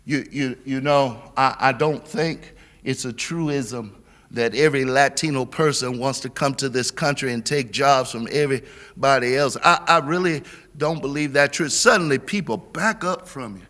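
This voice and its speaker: A middle-aged man giving a sermon as guest preacher, with a preaching cadence, repeated words and a build to shouting. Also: medium pitch, normal speed. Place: church sanctuary. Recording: long church reverb.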